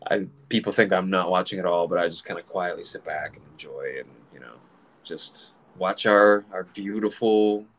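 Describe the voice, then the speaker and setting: A middle-aged man in casual conversation, rambling and swearing freely as he plays out remembered arguments in quick bursts of voices. He laughs often, and his voice sits a touch low. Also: fairly bright tone. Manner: rambling, profane, laughs often, acts out quoted exchanges. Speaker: comedian, group admin. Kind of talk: casual podcast chat.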